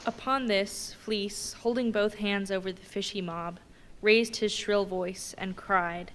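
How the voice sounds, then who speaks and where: A woman reading a novel aloud at a public marathon reading, in a measured, plain way. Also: medium pitch, fairly even intonation. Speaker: volunteer reader. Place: large museum reading hall. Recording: long reverb in a big hall.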